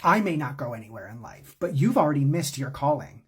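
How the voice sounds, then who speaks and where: A man's voice: a little high, big pitch swings, brisk, slightly rough, heavily acted. A man voicing a defiant teenage girl in a sarcastic, cutting way. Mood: sassy.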